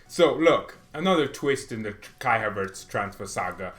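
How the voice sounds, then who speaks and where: Animated joking male football fan. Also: on the low side, normal speed. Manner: animated, joking, mocking rivals. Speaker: fan channel host. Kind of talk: casual opinion vlog.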